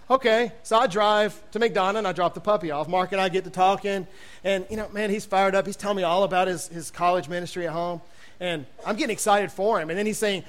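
A man, a youth pastor, telling a humorous story from the pulpit, animated and self-mocking, acting out the voices of people he quotes. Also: high-pitched, brisk.

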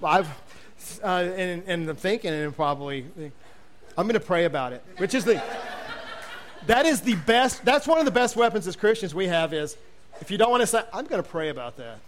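Youth pastor, high tenor, comic storyteller; self-mocking, acts out every voice in his story. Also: animated, fairly quick, a little hiss or hum. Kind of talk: humorous sermon storytelling.

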